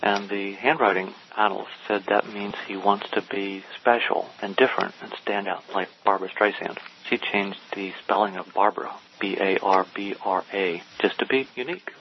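Talking at a normal pace with few pauses, a man with a fairly low voice tells a long, casual anecdote as a guest, performing the other characters' lines with animation. The audio is lo-fi and dull, carrying a faint hiss.

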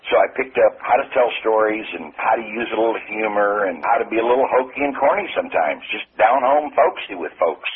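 A man's voice: on the low side, a little fast, hardly any pauses, background noise. A man who trains salespeople, telling folksy, confident stories in an interview. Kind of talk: storytelling interview answers. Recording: phone-like lo-fi line.

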